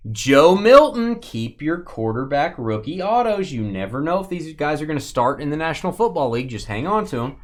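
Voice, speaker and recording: A man's voice: on the high side, sing-song, fairly quick, hardly any pauses. A man hosting a live-stream sports card break, calling out cards and teasing his crew in joking banter.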